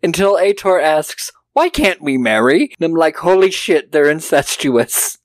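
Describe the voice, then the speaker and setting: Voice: medium pitch, very animated, a little slow, no echo. Giggly podcast co-host in a dry room. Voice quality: laughs often, acts out quotes in silly voices. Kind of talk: casual film-review chat.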